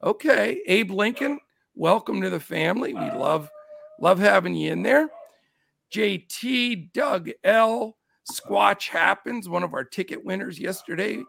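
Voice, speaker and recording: A man's voice: sits high, animated, a little slow, creaky, dry recording. A middle-aged man with a scratchy voice hosting a casual sports betting show, upbeat as he greets his chat. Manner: upbeat, shouts out chat names. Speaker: show host.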